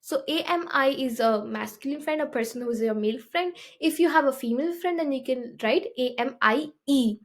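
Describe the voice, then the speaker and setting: A woman with a slightly high voice teaches a beginner French lesson. She explains step by step and keeps checking in with her listeners. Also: fairly quick, few pauses. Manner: explanatory, often checks with "okay?".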